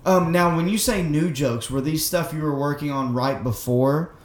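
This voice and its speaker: A man hosting a podcast in loose, joking banter, quick to laugh. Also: fairly high pitch, echoey room. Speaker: podcast host. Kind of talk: casual banter.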